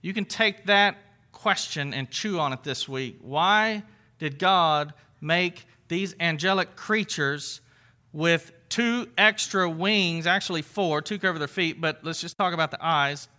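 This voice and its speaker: A man's voice: fairly high pitch, measured pace, bright, forceful tone. A man preaching a sermon to his congregation, conversational, with rhetorical questions and asides. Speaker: pastor.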